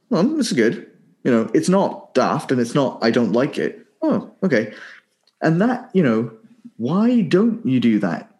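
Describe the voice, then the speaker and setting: A man coaching singing in a relaxed, conversational way. He throws out rhetorical questions and hums little warm-up phrases. His pitch swings freely up and down. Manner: animated, rhetorical questions, sings vocal warm-up syllables. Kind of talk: casual conversational explanation.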